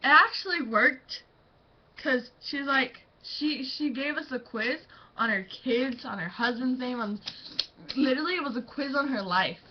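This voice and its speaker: A woman's voice: high voice, unhurried, muffled recording, slight background noise. A teenage girl chatting about teachers to her camera, rambling with lots of fillers and breaking into giggles. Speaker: student vlogger. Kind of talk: casual storytelling.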